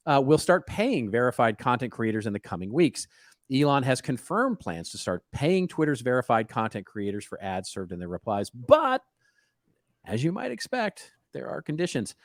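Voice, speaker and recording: A man's voice: mid-range voice, dry recording, clean studio sound. A man co-hosting a casual podcast, reading news stories aloud and breaking in with wry asides. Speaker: podcast co-host.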